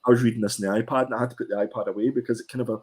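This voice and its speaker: A man's voice: medium pitch, steady tone, racing, darkish tone, husky. A man co-hosting a comic book review podcast, chatting casually and hesitantly with many ums and restarts.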